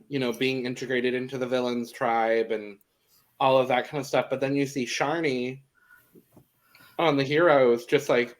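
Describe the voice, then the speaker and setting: A man co-hosting a podcast, recapping a reality show in chatty, expressive casual talk. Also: mid-range voice. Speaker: podcast co-host.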